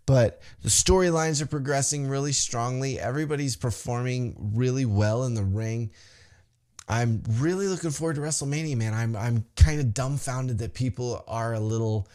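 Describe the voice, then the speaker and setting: A man's voice: medium pitch, normal speed, darkish tone. A man hosting a podcast, recapping in a casual, enthusiastic, conversational way with plenty of fillers. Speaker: podcast host.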